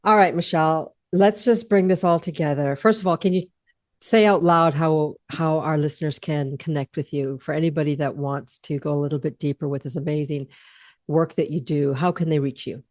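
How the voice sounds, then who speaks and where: A woman's voice: sits low, fairly even intonation, normal speed, a little mellow, no room sound. A woman hosting a podcast interview, talking in a candid, blunt and playful way into a close mic. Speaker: podcast host. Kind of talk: casual interview chat.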